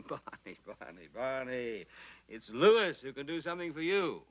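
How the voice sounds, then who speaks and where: An actor playing a brash, boastful film director who jokes and laughs on the phone. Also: male voice, mid-range voice, big pitch swings, measured pace, fairly bright tone, highs cut off. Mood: bluff. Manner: boisterous, laughing, sarcastic.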